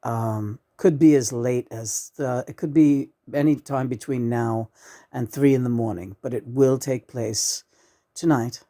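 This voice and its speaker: A woman channeling the spirit of a late male musician, speaking in a hushed, slow way full of halting fillers. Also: rumbling low, voice pushed down. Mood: solemn.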